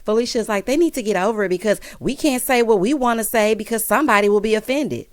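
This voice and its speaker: A woman's voice: fairly high pitch, fast talker, hardly any pauses, no echo, clean studio sound. A woman gives a sassy, playful recap of a reality show, mimicking the cast as she tells it. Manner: sassy, playful, animated storytelling with mimicked quotes. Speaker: recap vlogger.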